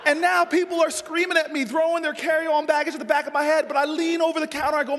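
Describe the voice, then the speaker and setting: A man giving a humorous dinner speech, telling an animated story and often shouting. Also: very high voice, fast talker, hardly any pauses. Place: large dinner hall. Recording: long hall reverb, faint noise.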